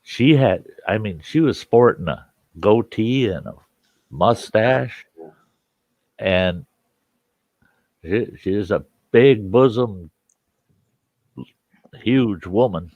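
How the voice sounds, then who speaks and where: A man's voice: lowish voice, lively intonation, slow pace, long pauses, no room sound, highs cut off. A man hosting a campfire show, telling a funny story and laughing often. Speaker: host.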